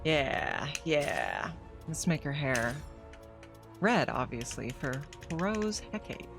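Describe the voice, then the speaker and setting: Low-voiced gal streaming a game, chatty, swears some, light music under her. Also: huge pitch swings, slow, creaky. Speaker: VTuber streamer. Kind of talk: casual game commentary.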